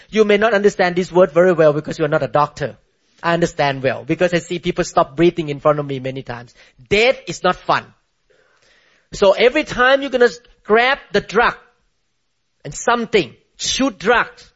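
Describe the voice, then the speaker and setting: High-voiced man preaching emphatically. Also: lively intonation, moderate pace, highs cut off. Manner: emphatic, spells words letter by letter, asks rhetorical questions. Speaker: pastor. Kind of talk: sermon.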